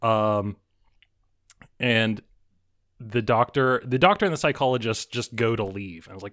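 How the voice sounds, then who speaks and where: A man narrating a tabletop horror game as game master, halting with many pauses and restarts. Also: on the low side, a bit bright.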